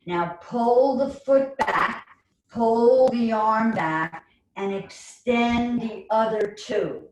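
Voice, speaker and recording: New york lady running a chair yoga class, super slow, kinda far from the mic, echoey room w/ faint hiss. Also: fairly high pitch. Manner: slow, soothing cues with playful asides. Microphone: online video call. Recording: roomy, distant mic, faint noise.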